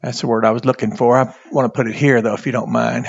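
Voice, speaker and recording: A man teaching a Bible language class, speaking haltingly and repeating words as he writes on a board. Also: mid-range voice, flat delivery, creaky, slightly rough, no echo, highs cut off. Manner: slow, halting, repeats words while writing. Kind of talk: classroom lesson at a whiteboard.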